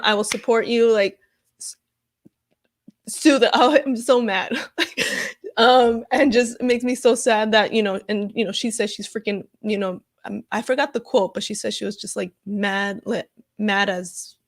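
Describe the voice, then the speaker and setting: A woman reacting on camera in a casual vlog, talking in an upset, heated way with lots of fillers, and reading viewer comments aloud. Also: mid-range voice. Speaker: comedian reacting to news.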